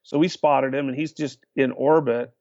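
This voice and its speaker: Older man with a gravelly voice. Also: mid-range voice, normal speed, dry recording. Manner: lively storyteller, acts out quotes, many uh fillers. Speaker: guest. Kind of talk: storytelling in a podcast interview. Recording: dull lo-fi sound.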